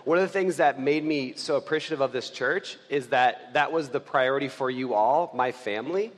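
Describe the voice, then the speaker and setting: A man preaching a casual, conversational sermon in a church, earnest and halting, with many fillers and restarts. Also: mid-range voice. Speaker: pastor and church elder. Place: church sanctuary. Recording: long hall reverb.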